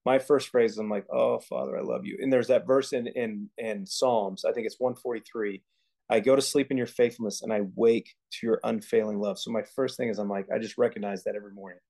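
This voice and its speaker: A man's voice: fairly low pitch, steady tone, brisk, mellow. A man co-hosting a faith podcast, talking earnestly in a casual chat and often restarting his sentences. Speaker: podcast co-host.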